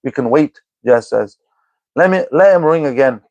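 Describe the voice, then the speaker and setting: A man's voice: medium pitch, lively intonation, moderate pace, darkish tone, no room sound, muffled recording. A young man livestreaming, reading viewer comments aloud and answering them in an exasperated, scolding way. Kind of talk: live chat reading and replying.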